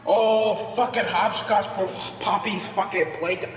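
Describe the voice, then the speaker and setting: A man voicing a foul-mouthed, hyper male cartoon cat in amateur voice acting, talking erratically and bursting into yells. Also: sits high, steady tone, slow. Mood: ranting. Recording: echoey room, far from the mic.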